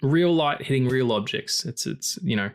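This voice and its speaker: Excitable guy on a film podcast, swears a lot, voice shoots way up when he gets worked up. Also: normal speed. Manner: animated, swears often, pitch leaps when excited; passionate and emotional about stories. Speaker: podcast co-host. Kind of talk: casual film-review chat.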